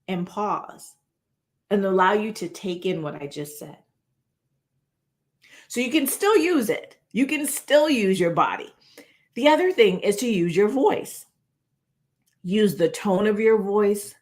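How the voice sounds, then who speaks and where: Brief: woman presentation coach, casual and animated on camera, mid-pitched voice. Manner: animated, conversational, tag questions like "right?". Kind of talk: casual video lesson. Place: indoor room, moving between standing and seated. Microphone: on-camera recording.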